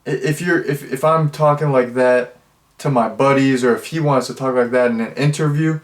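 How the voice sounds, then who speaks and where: A man's voice: medium pitch, steady tone, normal speed. Rambling young man reviewing a movie. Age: 20s. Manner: rambling, heavy with fillers and restarts. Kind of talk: casual spoken review.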